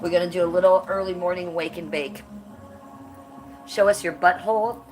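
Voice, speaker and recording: A woman's voice: on the low side, fairly even intonation, normal speed, a little mellow, faint music behind. A woman hosting a casual livestream, blunt and profane, her voice stuffed up from a cold, with coughs between her lines. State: congested and coughing. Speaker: livestream host.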